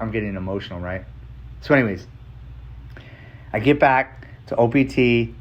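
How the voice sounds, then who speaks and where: A man's voice: medium pitch, normal speed, pauses often. Young guy from san carlos telling his story, cussing a lot, kinda muffled lo-fi audio. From San Carlos, Arizona. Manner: casual, swearing, quotes people in dialogue. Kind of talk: emotional personal storytelling. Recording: slightly dull lo-fi sound.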